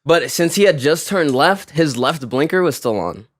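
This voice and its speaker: A man co-hosting a podcast, telling a story in casual chat and acting out the people in it loudly. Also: a little high, moderate pace, dry recording. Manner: animated storyteller, acts out quotes loudly. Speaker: podcast co-host.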